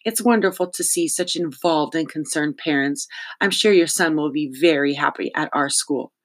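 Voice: mid-range voice, moderate pace, lightly acted. An audiobook narrator voicing a prim, fussy woman principal who lectures a student about manners. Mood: prim, scolding. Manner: scolding, prim. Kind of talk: audiobook character voice.

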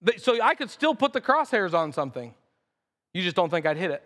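A man's voice: high-pitched, big pitch swings, brisk, a bit bright. A man preaching a sermon as pastor, reading scripture verses aloud and building in intensity as he speaks. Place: church sanctuary. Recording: long reverb of a church hall.

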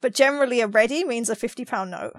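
A woman's voice: fairly high pitch, fast talker, no room sound. A woman from England with a London Cockney accent, co-hosting a podcast in casual chat, laughing often as she explains things with examples. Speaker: podcast co-host.

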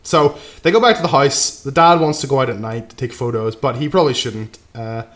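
A man's voice: medium pitch, brisk. Casual man recapping a film. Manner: loose plot recap, trailing off quietly, frequent "right?" and swearing. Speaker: podcast co-host recapping a film. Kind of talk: casual chat.

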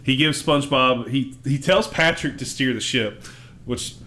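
A man chatting casually as a podcast host, retelling a cartoon episode with animated storytelling. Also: medium pitch, unhurried. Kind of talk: casual chat.

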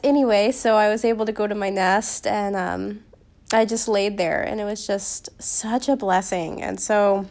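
A young woman hosting a casual Christian podcast, with a slight Upper Midwestern accent, chatty and rambling with many ums and restarts. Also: mid-range voice. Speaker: podcast host.

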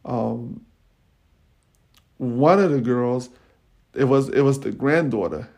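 A man's voice: medium pitch, slow, vocal fry, darkish tone. A man hosting a podcast, casually telling a personal story in slangy talk with many fillers. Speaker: podcast host.

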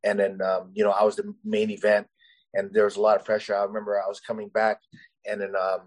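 A man's voice: fairly low pitch, monotone, quick pace, a little hiss or hum, low-quality recording. Guest fighter, male, loose rambling delivery, lots of fillers, conversational. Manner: rambling, heavy with "you know" and "uh" fillers. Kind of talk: casual storytelling interview.

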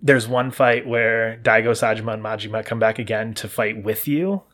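A man giving a casual spoiler recap of a video game, talking loosely with lots of likes and restarts and jumping into quick voices for the characters. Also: fairly low pitch. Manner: acts out characters' lines in lively voices.

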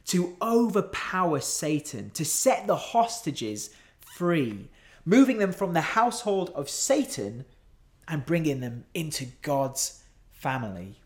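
A male preacher delivering a sermon at an unhurried pace. His pitch rises and falls widely as he leans into his points, earnestly and emphatically.

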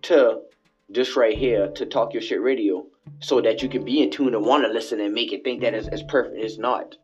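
A man's voice: medium pitch, fairly quick. A man hosting his own podcast alone in his bathroom, rambling and preaching in a late-night monologue that keeps circling back and repeating itself. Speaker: podcast host. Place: bathroom at home. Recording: dull lo-fi home recording with faint music.

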